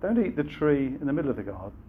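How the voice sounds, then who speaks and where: A man's voice: fairly high pitch, sing-song, fast talker, phone-quality sound, a little hiss or hum. A man preaching a sermon in a conversational way, with frequent fillers and rhetorical questions.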